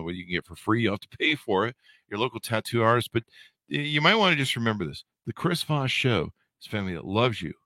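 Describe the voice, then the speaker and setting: A man's voice: lowish voice, pushed and bright, no echo. A man hosting a podcast in a jokey, rambling way, full of self-mocking asides. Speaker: podcast host. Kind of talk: casual podcast chat.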